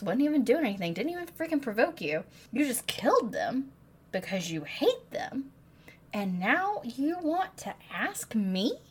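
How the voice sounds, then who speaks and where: A woman's voice: mid-range voice, slight background noise, natural voice. Woman putting on a fairy lord, ranting, incredulous, comic book-recap voice. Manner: incredulous ranting, then flat terms. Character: furious male fairy lord in beast form.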